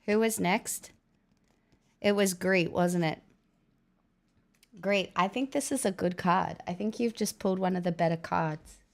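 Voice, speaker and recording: A woman's voice: fairly low pitch, measured pace, creaky, pauses often. A woman chatting casually on a livestream, thanking viewers with wry asides while recovering from an illness and coughing now and then.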